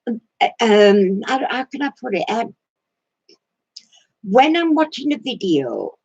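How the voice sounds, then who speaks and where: A woman's voice: fairly high pitch, big pitch swings, slow, a little mellow, husky, no echo, muffled recording. A woman hosting a casual live stream for her craft channel, talking in a rambling, hesitant way with many fillers.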